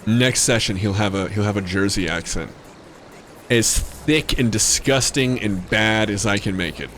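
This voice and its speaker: A man's voice: on the low side, measured pace, fairly bright tone, a little hiss or hum. A young man streaming a game, chatting casually with joking, rambling asides and some swearing. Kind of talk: casual gameplay commentary.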